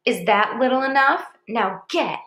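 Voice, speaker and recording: A gruff, sneering big tourist man who mocks and snarls threats at a child, as a woman reading a storybook aloud puts him on. The voice sounds bright and crisp, with a roomy echo around it. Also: fairly high pitch, animated, unhurried. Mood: angry. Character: big rude bullying male tourist, middle-aged. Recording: echoey room.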